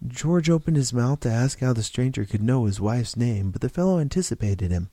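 A man reading a story aloud in steady, expressive narration. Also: mid-range voice, brisk, hardly any pauses, no echo. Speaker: story reader.

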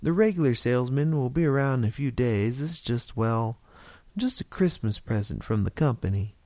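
A man's voice: mid-range voice, animated, normal speed, warm tone, dry recording, close to an everyday voice. A man voicing an anxious, awkward young man who stammers nervously.

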